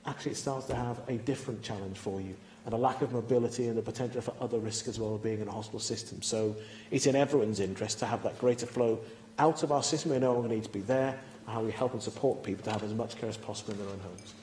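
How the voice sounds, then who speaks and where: Fast-talking cabinet secretary in an echoey chamber. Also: male voice, fairly low pitch, darkish tone. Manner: earnest, explanatory, many rhetorical questions. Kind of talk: parliamentary answer. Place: debating chamber. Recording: echoey chamber with faint hum.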